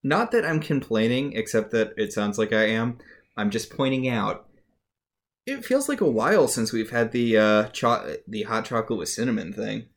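A podcast co-host speaking at an ordinary middle pitch in casual recap chat. The delivery is dry and wry, with understated jokes. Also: lively intonation, normal speed.

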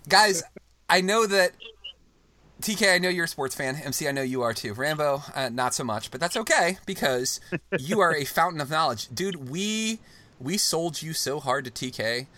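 A man hosting a casual podcast, talking at length and with strong feeling, swinging from excited outbursts to hushed, tender stretches. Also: a little high, normal speed. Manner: long-winded, emotional, swings from excited to hushed. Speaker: podcast host.

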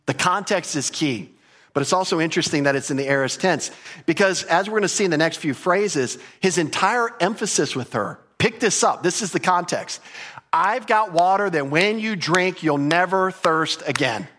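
A man's voice: high voice, lively intonation, normal speed, fairly bright tone. A man preaching an expository sermon, explaining Greek grammar and repeating key phrases for emphasis. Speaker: pastor.

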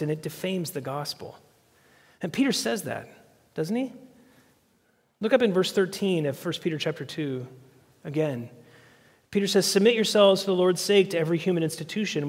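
High-voiced preacher in a reverberant hall. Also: male voice, husky. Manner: earnest, asks the congregation questions. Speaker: pastor. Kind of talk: sermon.

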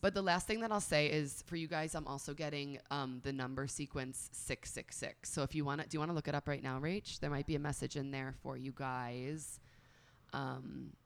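Low-voiced woman reading cards. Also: fairly even intonation, normal speed, slight background noise. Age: 30s. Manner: chatty, many "like" fillers, upbeat. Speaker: tarot and oracle card reader. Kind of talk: casual chat and card reading.

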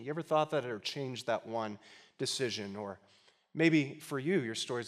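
A man preaching a sermon as pastor, conversational and emphatic with touches of humor, at times dropping into quiet, earnest appeals. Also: mid-range voice, normal speed.

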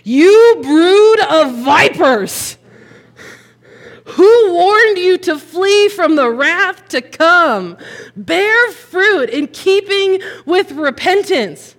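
A woman voicing a fierce male desert prophet who rebukes a crowd in a slow, booming, accusing way. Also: sing-song, heavily acted. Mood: scolding. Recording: long hall reverb.

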